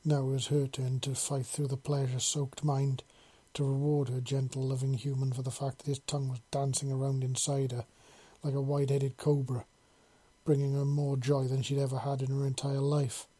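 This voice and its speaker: Husky, mellow male storyteller. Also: medium pitch, monotone, moderate pace. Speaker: narrator. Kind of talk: narrating an adult fantasy story.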